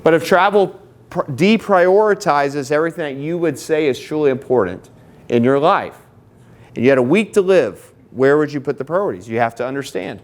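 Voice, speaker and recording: A middle-aged man with a slightly high, expressive voice talks at a moderate pace to a live marriage-seminar audience. His style is conversational and joking, packed with personal anecdotes.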